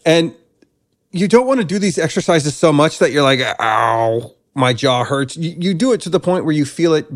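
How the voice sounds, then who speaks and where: A man working as a breathwork coach, talking casually in an interview, animated and self-deprecating with frequent restarts. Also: a little high, fairly quick.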